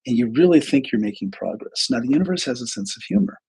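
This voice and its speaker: A man's voice: mid-range voice, animated, fast talker, creaky, a little mellow, breathy edge. An older man, a therapist, telling stories on a livestream in a rambling way with frequent restarts. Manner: rambling, repeats words, many restarts. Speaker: therapist and coach. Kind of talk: livestream talk with storytelling.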